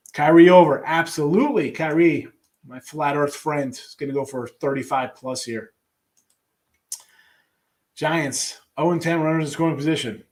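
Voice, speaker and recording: A man hosting a sports betting show, running through daily picks in a casual, offhand way with wry asides and trailing restarts, while reading a live chat. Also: on the high side.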